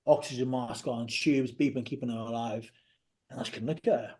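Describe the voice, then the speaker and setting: Man in his 30s as podcast guest, earnest personal story, halting delivery, often drops quiet, mid-pitched voice. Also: fairly even intonation, breathy edge. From Britain.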